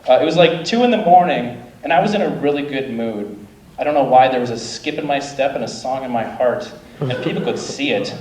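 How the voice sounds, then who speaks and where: A man's voice: mid-range voice, expressive, a little fast, darkish tone, recorded from a distance. A male stand-up comedian doing a rambling, self-deprecating opening set live on a club stage. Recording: roomy live club, crowd noise. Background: audience laughter and ambient noise.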